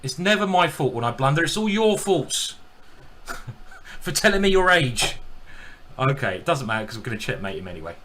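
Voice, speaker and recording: A man commenting live on his own blitz chess games and joking with his chat in an animated, self-mocking way. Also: medium pitch, normal speed, long pauses, a little hiss or hum. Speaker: chess streamer.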